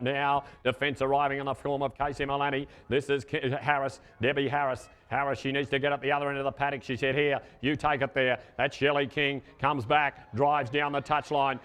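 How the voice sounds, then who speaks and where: A man giving live play-by-play commentary on a horseback ball game, calling names quickly with fillers and rising to shouts at goals. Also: mid-range voice, clean tone. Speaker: sports commentator.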